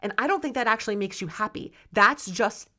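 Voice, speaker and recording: A woman's voice: medium pitch, brisk, bright, forceful tone. Impassioned woman hosting a solo podcast. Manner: impassioned, candid, swearing. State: close to tears. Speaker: podcast host.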